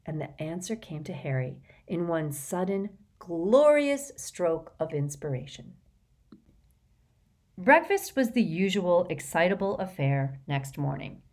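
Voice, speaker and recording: A woman with a fairly low voice reads a storybook aloud. She narrates at a steady, even pace, moving smoothly from scene to scene. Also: unhurried. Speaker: audiobook reader.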